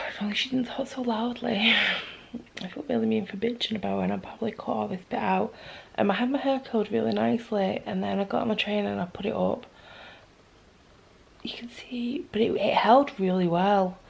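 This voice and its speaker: A young woman, chatting to camera in a vlog and retelling a story in a gossipy, animated way. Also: medium pitch, a little fast, vocal fry, husky, rough recording. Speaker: vlogger.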